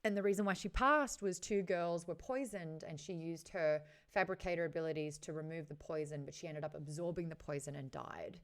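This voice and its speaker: A woman's voice: low-pitched, a little fast, hardly any pauses. A woman hosting a casual book discussion, chatting frankly with her live viewers and swearing now and then. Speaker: host of a book chat show.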